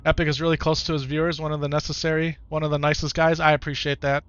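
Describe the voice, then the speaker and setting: A man's voice: a little high, flat delivery, fast talker, a bit bright, lo-fi sound. Chatty Wisconsin-accented streamer man. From Wisconsin, United States. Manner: chatty and easygoing, often repeats his own phrases. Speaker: game streamer. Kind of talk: live gameplay commentary while reading chat.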